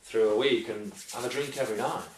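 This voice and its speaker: A man's voice: mid-range voice, steady tone, a little hiss or hum. Chatty man in an echoey room. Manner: chatty, agreeable, quick to back the other speaker up. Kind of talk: casual chat.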